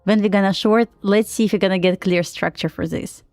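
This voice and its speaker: A woman with a Russian accent chatting casually on a live trading stream, full of "like" fillers and quick laughs. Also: mid-range voice, steady tone, darkish tone, no echo, clean studio sound, faint music behind. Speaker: live-streaming day trader.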